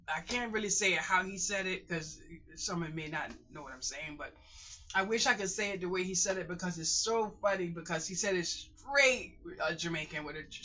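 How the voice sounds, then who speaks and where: A woman's voice: fairly low pitch, pushed and bright, lo-fi sound, slight background noise. A middle-aged woman in pain, giving emphatic, repetitive life advice to her viewers in a casual vlog monologue. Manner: emphatic, repeats phrases, calls viewers "boys and girls" and "honey". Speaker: vlogger.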